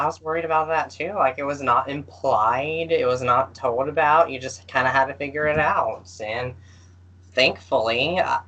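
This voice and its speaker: Here a male co-host of a podcast, heard on poor-quality audio, chats about games at medium pitch with a bright, forceful tone. His delivery is unhurried and hesitant, packed with fillers.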